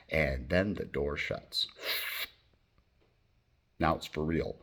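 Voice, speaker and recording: Man, very low voice, middle-aged, from Michigan, profane, rambling vlog story. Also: moderate pace, pauses often. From Michigan, United States. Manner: profane, blunt and animated, acting out quoted voices. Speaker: channel host telling a personal story.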